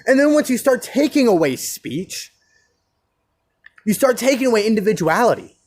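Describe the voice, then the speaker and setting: High-voiced man ranting. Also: big pitch swings, moderate pace, a little mellow. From United States. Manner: impassioned, rhetorical questions, restarts. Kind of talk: solo rant.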